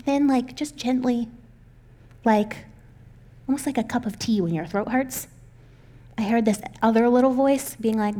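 Young woman, pastor, candid sermon, chatty, laughs often, fairly high voice. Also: a little slow, pauses often, mellow. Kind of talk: conversational sermon.

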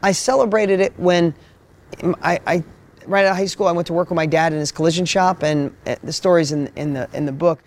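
High-voiced energetic man. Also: brisk. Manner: energetic, storytelling, repeats words when excited. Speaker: business coach. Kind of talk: motivational panel talk.

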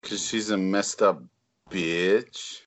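A man's voice: deep voice, steady tone, slow, a bit bright. A man on a casual podcast who mocks and gives blunt, crude advice. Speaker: co-host.

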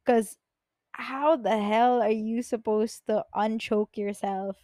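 A young woman, hosting a podcast and telling personal stories in an excitable, rambling way, swearing freely. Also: on the high side, takes it slowly, no echo. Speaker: podcast host. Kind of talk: casual personal storytelling. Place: bedroom, on her bed.

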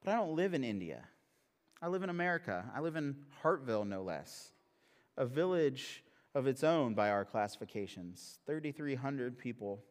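A man's voice: medium pitch, animated, moderate pace. A male pastor preaching a sermon in a humorous, conversational way that turns earnest. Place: church sanctuary. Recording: long reverb of a large hall.

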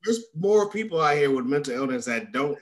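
A man hosting a podcast in casual chat, animated and rising in pitch when he makes a point. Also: brisk. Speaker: podcast host.

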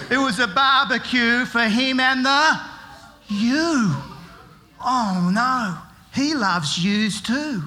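A man's voice: very high voice, pushed and bright. A middle-aged man giving a playful children's talk at a church service, telling a story with jokes and asking the kids questions. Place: church service with live audience.

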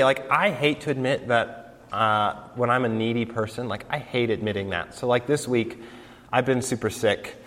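A young man, a campus pastor talking casually to a student group, his voice nasal from a cold, with lots of relaxed fillers. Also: mid-range voice. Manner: relaxed, conversational, many fillers. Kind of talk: casual sermon announcements. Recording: reverberant hall.

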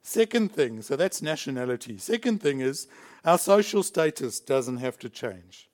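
A man's voice: medium pitch, very animated, normal speed, a little mellow. A man from South Africa preaching a sermon in a church, emphatic and chuckling between points. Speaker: pastor.

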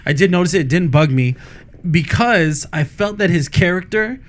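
A man's voice: high voice, animated, moderate pace. A man co-hosting a casual film review chat, rambling with many restarts. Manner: rambling, frequent restarts and fillers. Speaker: podcast co-host.

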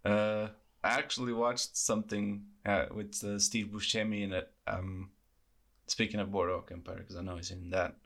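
A man co-hosting a podcast in casual chat, joking and halting with stammered restarts. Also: on the low side, flat delivery, gravelly, fairly bright tone. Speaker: podcast co-host.

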